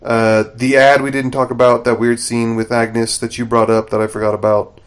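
A man's voice: mid-range voice, moderate pace, smooth. A man co-hosting a podcast, casually recapping a TV episode and acting out the characters' lines as he goes. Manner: animated retelling, acts out characters' lines. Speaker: podcast co-host.

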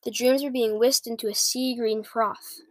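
A woman's voice: on the high side, fairly even intonation, moderate pace, no echo. A woman reading a children's book aloud, now and then stumbling and restarting words. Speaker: reader.

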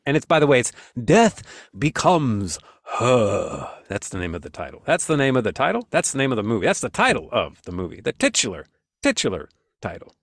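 A man's voice: medium pitch, wildly swooping pitch, fairly quick, no echo, clean studio sound. A man hosting a comedy podcast, joking loosely and riffing with his guests. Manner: jokey, slips into a put-on Italian-American voice. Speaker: podcast host. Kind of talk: casual comedic podcast banter.

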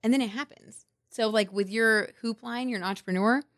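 A woman's voice: on the high side, fairly quick, fairly bright tone. A woman chatting on a podcast, explaining star signs to her hosts with lots of "like"s. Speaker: astrology guest. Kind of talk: casual podcast chat.

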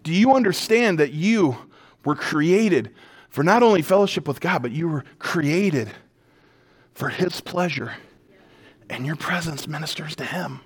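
A man preaching a sermon as a pastor, animated and emphatic, moving between loud declarations, quiet intensity and humorous storytelling. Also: on the high side, a little slow, slightly rough. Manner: conversational storytelling with self-deprecating humor.

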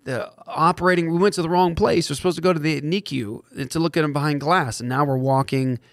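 A man with a gravelly, creaky voice, recorded close and dry, tells an earnest story as a podcast guest. He acts out what people said as he goes, and speeds up when he gets excited. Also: fairly high pitch, a little fast, no room sound. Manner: acts out quoted dialogue while telling a story. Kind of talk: animated storytelling in conversation.

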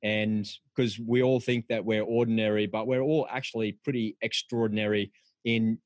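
A man's voice: on the low side, level tone, normal speed, a little mellow, no echo. A middle-aged man, hosting a podcast in an encouraging, chatty way. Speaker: podcast host. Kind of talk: casual podcast chat.

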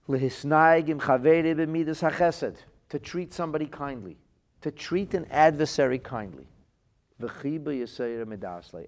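A rabbi's lowish, creaky, husky voice with a darkish tone leads a spirited Torah class. He reads lines from the classic texts and translates each into everyday language.

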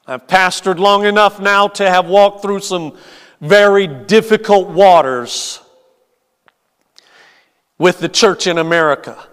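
A man preaching as a pastor, telling a story in a slow, measured way with hesitant fillers. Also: high voice, fairly bright tone, smooth. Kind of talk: sermon with storytelling. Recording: long hall reverb.

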